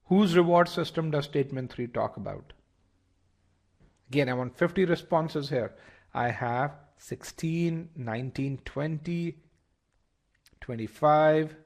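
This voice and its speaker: A man's voice: fairly high pitch, a little slow, long pauses. A man teaching a live online test-prep lesson, explaining step by step, often repeating words and asking the class to check they follow.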